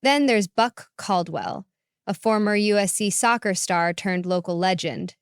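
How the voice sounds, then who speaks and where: A woman narrating a first-person story in a calm, reflective way. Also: mid-range voice, measured pace, smooth, dry recording, clean studio sound.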